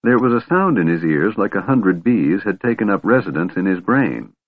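Low, husky male audiobook narrator. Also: no echo. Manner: measured, steady reading. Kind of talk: scripted narration. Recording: tinny phone-like band, dry.

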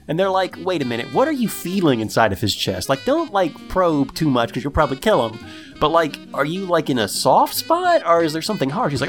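A man casually recapping a TV episode for a podcast, acting out the characters in high, excited voices. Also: fairly quick, soft background music. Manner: animated storytelling, acts out characters in high voices. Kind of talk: casual chat.

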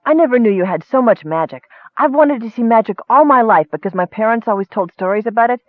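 A man voicing an excitable, naive young male kender who rambles on eagerly. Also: extremely high pitch, fast, no echo, voice pushed up. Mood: excited. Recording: tinny phone-like sound.

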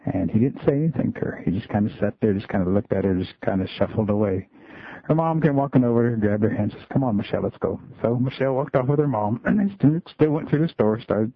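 A man tells a story in an easygoing, folksy way, his voice a bit husky. The line is tinny and phone-like, and the voice sits dry and close with no room around it. He speaks at a middle pitch. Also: fast talker, dry recording. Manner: relaxed folksy storytelling, many "just kinda". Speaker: school and community storyteller. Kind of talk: telling a story on radio.

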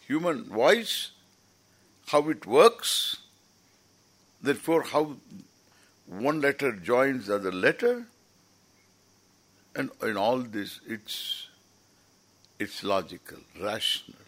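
A man's voice: mid-range voice, big pitch swings, slow, pauses often, fairly bright tone, slightly rough. A man giving an informal, rambling lecture as a teacher at a scripture camp, often restarting his sentences. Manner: rambling, explanatory, with frequent restarts.

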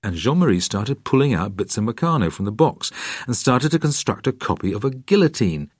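Older english man, dry wry memoir reading, lively pitch, close dry studio sound. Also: fairly quick, husky, no room sound. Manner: dry, wry storytelling with voiced dialogue. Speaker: author reading his memoir. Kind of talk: scripted narration.

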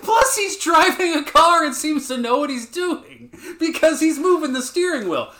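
A man's voice: very high voice, expressive, moderate pace, pushed and bright. A man co-hosting a podcast, trading playful, argumentative banter about movies and laughing often. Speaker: podcast co-host. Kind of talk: casual movie-ranking banter.

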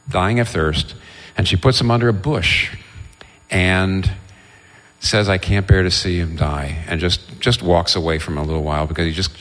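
A man preaches a sermon in a low voice, retelling Bible stories with animated energy. He briefly acts out what each character says. His words ring out with the long reverb of a large hall. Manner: animated storytelling, voices the biblical figures.

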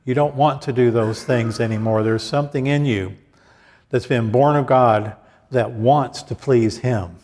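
A man's voice: mid-range voice, unhurried, darkish tone. A man preaching a sermon in a conversational way, with frequent restarts and asides, reading scripture aloud between his own explanations. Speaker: pastor. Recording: hall reverb.

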